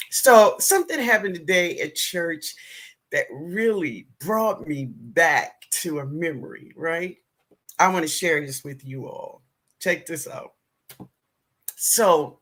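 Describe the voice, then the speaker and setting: A woman with a New Orleans accent hosting a casual livestream, greeting viewers warmly and chatting with frequent laughs. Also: low voice. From southern United States. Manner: warm, chatty, calls viewers baby, laughs often. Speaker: gardening livestream host. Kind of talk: casual live-stream chat greeting viewers.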